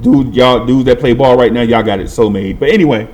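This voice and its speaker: A middle-aged man telling a comic story in lively, colloquial speech, laughing and acting out the people in it. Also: medium pitch, a little fast. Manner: animated, laughing, acts out voices, colloquial. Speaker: podcast host.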